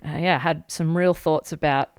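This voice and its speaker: Woman podcast co-host, lowish smooth voice, dry close sound, candid. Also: fairly even intonation, moderate pace, no room sound. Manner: candid, laughs often. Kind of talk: casual chat.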